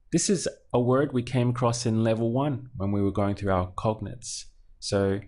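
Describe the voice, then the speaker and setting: Male language teacher, lower pitch, patient and repetitive delivery. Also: darkish tone. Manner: patient, explains slowly and repeats words. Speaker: Spanish teacher. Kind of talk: language lesson narration.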